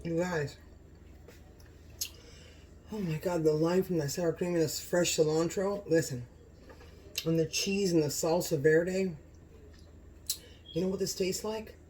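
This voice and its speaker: A woman hosting a casual home cooking vlog, gushing and excitable, often exclaiming over the food. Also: on the low side, unhurried, pauses often, slight background noise. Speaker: cooking channel host.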